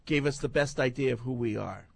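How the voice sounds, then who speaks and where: A man's voice: mid-range voice, brisk, creaky, breathy edge, dry recording. A man hosting a casual sports talk show, reading listener emails and teasing his co-hosts.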